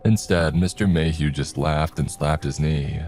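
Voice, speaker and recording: A man narrating a scripted horror story in a steady, measured way. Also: a bass voice, slight background noise. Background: faint music.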